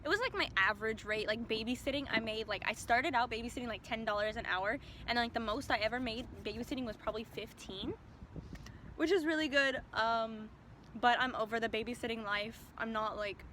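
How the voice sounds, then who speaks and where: Young woman vlogger, higher-pitched and bright, chatty storyteller who says "like" constantly. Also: fairly quick, a little hiss or hum. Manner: chatty, peppers speech with "like". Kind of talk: casual storytime.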